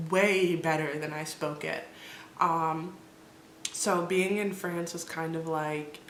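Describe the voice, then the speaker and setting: Woman, 20s, chatty vlogger, slightly low voice, echoey room. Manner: rambling, animated, laughs often, many restarts. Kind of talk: casual storytelling vlog. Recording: echoey room with faint noise.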